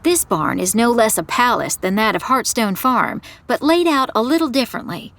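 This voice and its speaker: A woman giving first-person scripted narration of an audio drama in a measured storytelling manner. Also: on the high side, lively intonation, a bit bright, no room sound.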